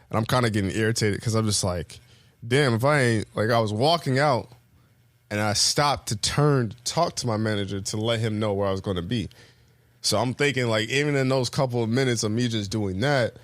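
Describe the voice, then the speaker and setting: A man co-hosting a podcast, telling a story in a casual, profane way, full of fillers and restarts, now and then mimicking others. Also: dry recording. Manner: animated storyteller, acts out quotes with loud high bursts. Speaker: podcast co-host.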